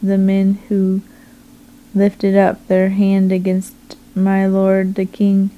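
A woman reading the words of a young male messenger in her own plain, slow reading voice. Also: medium pitch, phone-quality sound, close to an everyday voice. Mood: earnest. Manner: flat, slow, unhurried reading.

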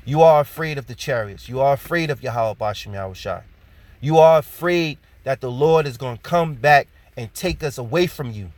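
A man giving an informal sermon. He reads scripture slowly, repeats his points and ends many phrases with "man". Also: mid-range voice, lively intonation, no echo. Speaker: preacher.

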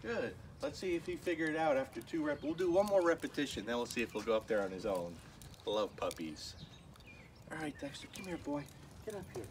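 A male dog trainer talking casually on camera while playing with a puppy, breaking into high, excited praise between calm asides. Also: brisk. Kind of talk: casual training vlog talk. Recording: distant voice with clear background noise.

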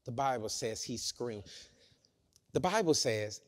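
A man preaching a sermon in a church, swinging between loud shouting and low, hushed talk. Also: lively intonation, a little slow, pauses often. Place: church sanctuary. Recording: church hall reverb.

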